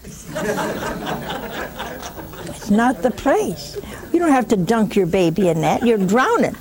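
A woman hosting a religious call-in show, teaching in an animated way, mocking with put-on quotes and dropping to a hush for emphasis. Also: medium pitch, slow pace. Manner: animated, mocks with put-on quotes, drops to a hushed whisper for emphasis.

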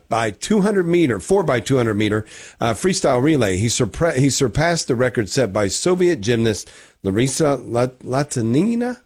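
A radio co-host, a man with a husky, slightly breathy voice. His pitch moves a lot as he reads the day's history items. He drops dry jokes and trips over a word now and then. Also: darkish tone. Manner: joking, wry asides; reads segments with stumbles. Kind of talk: casual morning radio chat.

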